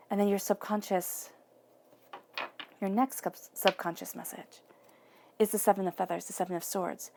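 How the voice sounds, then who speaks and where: A woman's voice: mid-range voice, gravelly, a little mellow. A woman giving an earnest, encouraging tarot reading, often repeating phrases for emphasis. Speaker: tarot reader.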